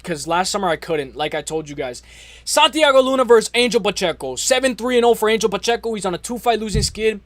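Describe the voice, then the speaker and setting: A man hosting a casual livestream, talking in loose slang, rambling and shouting out viewers from chat. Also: high voice, dry recording. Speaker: livestream host.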